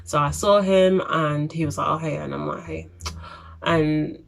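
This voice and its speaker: A woman's voice: deep voice, steady tone, moderate pace, creaky. A young woman telling a storytime vlog in a chatty, exasperated way. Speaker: vlogger.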